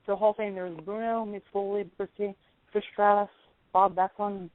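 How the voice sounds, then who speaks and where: A man co-hosting a casual wrestling radio show, eager and quick to rattle off names. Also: sits high, little pitch movement. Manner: quick, eager, listing names off the top of his head. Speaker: podcast co-host. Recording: tinny phone-line audio, dry.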